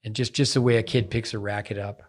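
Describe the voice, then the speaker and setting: A man hosting a tennis podcast, talking in a halting way with many restarts and old sayings. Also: fairly low pitch, fairly even intonation. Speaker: podcast host. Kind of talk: casual podcast chat.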